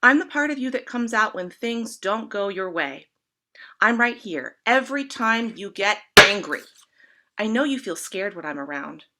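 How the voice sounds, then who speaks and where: A woman's voice: medium pitch, pushed and bright, exaggerated voice. A woman voicing a male hairy red creature who is a child's anger, talking in a confiding, persuasive way in a read-aloud storybook.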